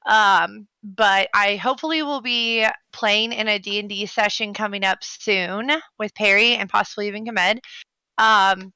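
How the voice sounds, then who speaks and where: Woman, guild leader hosting a voice-call meeting; bright, dry, chatty and upbeat. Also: medium pitch, fairly even intonation, unhurried, clean tone, no room sound, rough recording. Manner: chatty, upbeat, self-correcting. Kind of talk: casual group call.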